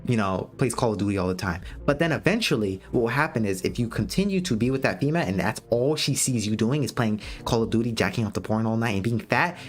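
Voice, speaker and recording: A man's voice: mid-range voice, quick pace, hardly any pauses. An American man giving blunt, profane dating advice in a casual livestream monologue. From United States. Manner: blunt, profane, animated lecturing.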